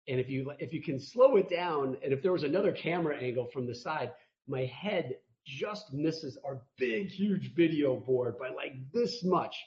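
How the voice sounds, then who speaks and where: A man's voice: mid-range voice, a little mellow. A man telling a rambling, self-mocking story as a guest on a video call interview. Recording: muffled video call audio.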